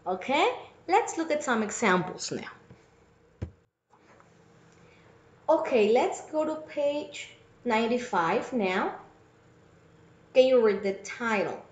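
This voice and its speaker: A woman teacher giving a recorded English lesson for children, speaking slowly and clearly and repeating each word for her pupils. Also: on the high side, expressive, muffled recording. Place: at home. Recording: echoey room.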